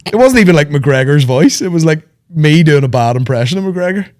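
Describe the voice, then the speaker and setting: A man hosting a podcast, rambling in animated, sweary banter. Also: on the high side, brisk. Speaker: podcast host. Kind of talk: casual chat.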